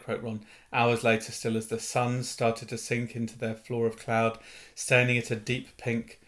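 Guy narrating a storybook, mid-pitched, steady and expressive. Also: a little slow. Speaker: reader. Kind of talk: audiobook narration of a novel.

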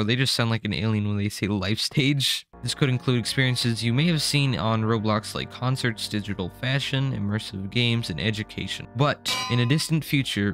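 A young man talks through gaming news in a casual vlog, tossing in sarcastic jokes. His voice sits at an ordinary middle pitch. Faint music plays underneath. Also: a bit bright. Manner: joking, sarcastic. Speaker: gaming YouTuber.

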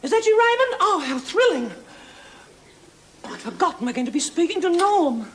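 A man putting on a gushing, theatrical falsetto to play a middle-aged housewife superstar. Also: sing-song, normal speed, exaggerated voice. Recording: old 1970s TV broadcast with hiss, off-mic.

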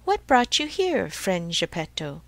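A woman voicing an old man, a carpenter who is easily frightened, speaking brightly and obligingly. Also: fairly low pitch, sing-song, unhurried, no echo, exaggerated voice.

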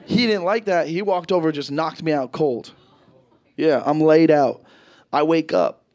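A stand-up comedian in his late thirties with a fairly high voice, telling stories on stage with animated energy. He punches his acted-out quotes loudly, and faint crowd laughter runs underneath. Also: a little slow. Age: 30s. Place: comedy stage before a live audience. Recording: live show with crowd laughter.

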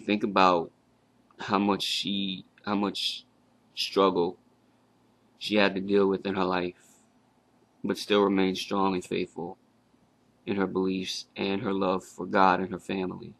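Very deep, gravelly man, flat delivery. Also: dry recording. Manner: halting, with fillers and restarts. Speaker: grieving grandson. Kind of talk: casual personal tribute.

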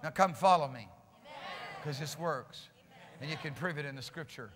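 Male pastor, fiery sermon delivery, bright high voice, long church reverb. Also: normal speed. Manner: impassioned preaching, builds to shouting. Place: church sanctuary.

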